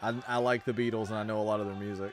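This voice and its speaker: A man's voice: fairly low pitch, level tone, very fast, a faint crowd. A man hosting a casual wrestling watch-along livestream, reading out chat and chatting to his viewers. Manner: laid-back, chatting to viewers. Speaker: livestream host.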